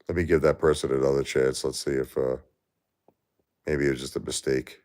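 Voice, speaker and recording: This livestream host has a bass voice that is clear, resonant and a little mellow, with a steady tone, an unhurried pace and long pauses. Talking emotionally to his chat, he sounds exhausted and distressed and keeps repeating himself.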